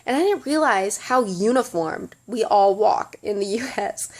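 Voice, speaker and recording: A woman's voice: a little high, animated, unhurried, few pauses, a little mellow. A young woman with a Southern American accent, chatting casually to camera in a study-abroad vlog, with lots of ums and giggles. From Southern United States. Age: young adult. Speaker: study abroad student vlogger.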